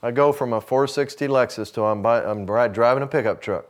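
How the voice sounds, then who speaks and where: A middle-aged man with a drawl gives a folksy sermon at a mid-range pitch. He acts out the conversations in his stories and sinks into soft, hushed tones when he quotes someone. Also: fairly quick. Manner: folksy storyteller, acts out dialogue, drops to a hush for quotes. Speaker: speaker addressing a men's gathering. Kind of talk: sermon with personal story.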